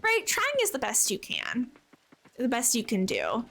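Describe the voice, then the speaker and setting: A young woman streams live, chatting casually and warmly answering her viewers as she plays. Her voice sits high and bounces all over her range, bubbly and talkative throughout. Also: huge pitch swings, a little slow, gravelly. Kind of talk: casual live-stream chat while playing.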